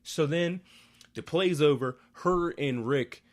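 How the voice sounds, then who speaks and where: A man hosting a casual solo podcast, recapping a TV episode in a rambling, profane way with animated outbursts. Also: fairly high pitch, slow pace, no room sound.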